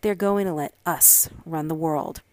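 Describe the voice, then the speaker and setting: A woman voicing an excitable, scheming little girl who talks eagerly and a bit whiny in a storybook reading. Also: low-pitched, measured pace, no room sound. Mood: excited.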